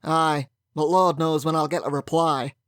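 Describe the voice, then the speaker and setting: A man voicing a loud, blunt middle-aged factory owner with a booming Yorkshire accent. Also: steady tone, normal speed, dry recording, clean studio sound, lightly acted. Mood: grumbling. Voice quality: booming, gruff. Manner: blunt and rude.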